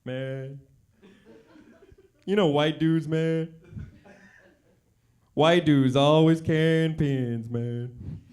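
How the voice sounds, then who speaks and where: A man's voice: fairly even intonation, drawn-out words, long pauses, darkish tone. A man putting on a drawling open-mic comic. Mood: mock swagger. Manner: repetitive, drawling, ends lines with a low "man". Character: clumsy male comic's overdone impression, first-time open mic. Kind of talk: stand-up bit.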